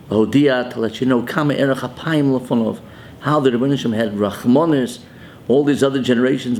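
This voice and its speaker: Older rabbi with a gravelly voice. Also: male voice, medium pitch, a little mellow, a little hiss or hum. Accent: Ashkenazi Hebrew pronunciation. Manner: mixes Hebrew and Yiddish terms into English. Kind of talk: Torah sermon.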